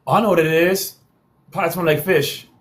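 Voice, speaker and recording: A man's voice: a little high, fairly even intonation, a little fast. A man hosting a live call-in panel show, talking in a slangy, teasing way and repeating lines for effect. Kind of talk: casual live-stream talk.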